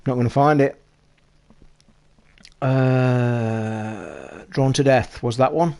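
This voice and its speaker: Swearing, excitable British man streaming. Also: medium pitch, vocal fry. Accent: British English. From United Kingdom. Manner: swears constantly, excitable and rushed, talks to chat. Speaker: live streamer. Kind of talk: casual live-stream chat.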